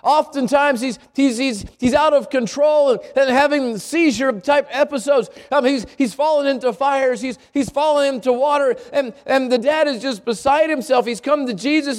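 A man delivers a sermon at normal speed, barely pausing at all. Scripture is read in a lower voice, and he repeatedly echoes words as he thinks and questions the congregation.

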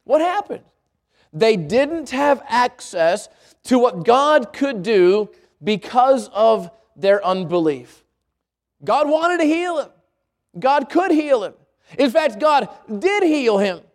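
High-voiced man preaching a sermon. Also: sing-song, slow pace. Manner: repeats words while thinking, reads scripture in a lower voice; asks the congregation questions. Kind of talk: sermon with scripture reading.

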